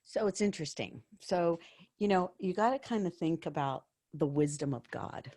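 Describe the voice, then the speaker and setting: Woman guest, warm-hearted storyteller, slightly low pitch, dry booth-like recording. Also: expressive, moderate pace, dry recording. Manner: earnest, storytelling, acts out quoted dialogue. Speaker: podcast guest, former hospice worker. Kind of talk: conversational interview.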